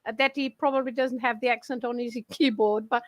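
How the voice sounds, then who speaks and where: High-voiced Portuguese woman teaching. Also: steady tone, fairly quick, no echo. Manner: laughs often, patient and explanatory. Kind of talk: casual explaining on a live show.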